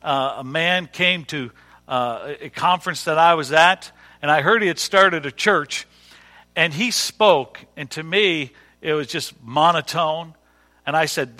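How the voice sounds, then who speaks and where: A man's voice: on the high side, unhurried, bright, forceful tone. A middle-aged male pastor preaching a sermon in a folksy way, repeating words and using dry humor. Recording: long hall reverb.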